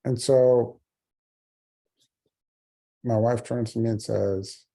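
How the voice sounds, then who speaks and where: Gravelly, very dark-voiced man telling a story. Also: mid-range voice, steady tone, slow pace. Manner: humorous, earnest storyteller. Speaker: keynote speaker. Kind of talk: personal storytelling speech.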